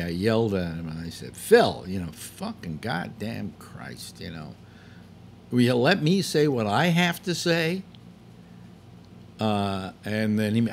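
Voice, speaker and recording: A man with a fairly low voice talks straight into his desk mic at home, rambling through his thoughts with frequent fillers and false starts. A light background hum sits under his voice. He swears now and then when frustrated. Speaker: host. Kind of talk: casual monologue.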